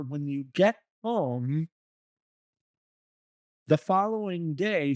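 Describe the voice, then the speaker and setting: A man's voice: a little high, no room sound, clean studio sound. Blunt man giving podcast advice. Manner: blunt and profane, acts out quoted dialogue. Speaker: relationship coaching podcast co-host. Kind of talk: casual podcast advice talk.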